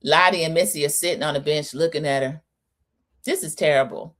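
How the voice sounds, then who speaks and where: Woman host, middle-aged, lowish voice, gossipy and scolding in a live recap. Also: fairly quick, fairly bright tone. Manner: chatty, scolding, addresses viewers as y'all. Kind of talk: live opinion recap, casual chat.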